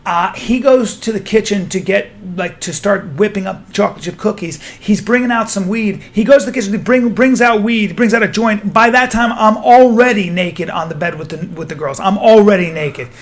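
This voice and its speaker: Man, high-pitched voice, animated profane storyteller, podcast guest, studio mic. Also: moderate pace, hardly any pauses. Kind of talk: casual storytelling.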